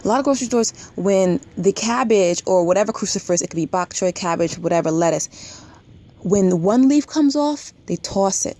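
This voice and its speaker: Young woman vlogger, low voice, chatty and emphatic, camera mic at home, faint room hum. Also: a little mellow. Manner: rambling, emphatic, many fillers and restarts. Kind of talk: casual talk to camera.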